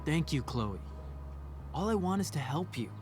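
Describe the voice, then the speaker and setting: A controlling teenage boy in a video game, his voice swinging up and down with clingy intensity. He speaks with an insistent, creepy calm and presses his point hard. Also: fairly high pitch, normal speed, music in the background. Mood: coaxing.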